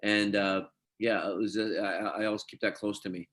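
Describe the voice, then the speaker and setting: A man's voice: lowish voice, steady tone, moderate pace, a bit bright. A middle-aged man from Scotland, an actor telling chatty anecdotes in an interview. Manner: chatty anecdotes, quotes others, laughs easily. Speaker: actor guest. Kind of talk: casual interview storytelling.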